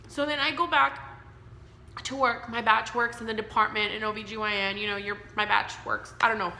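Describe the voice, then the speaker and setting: A woman's voice: on the high side, fairly even intonation, brisk, creaky, pushed and bright, echoey room, a little hiss or hum. A woman in her thirties telling her own story to camera, candid and emotional, rambling with fillers. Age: 30s. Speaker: vlogger.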